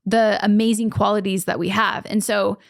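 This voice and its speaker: A woman's voice: mid-range voice, flat delivery, moderate pace, creaky, dry recording, clean studio sound. A young adult woman co-hosting a podcast, chatting casually and earnestly, telling stories with lots of "like" fillers. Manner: earnest, storytelling, frequent "like" fillers. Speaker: podcast co-host.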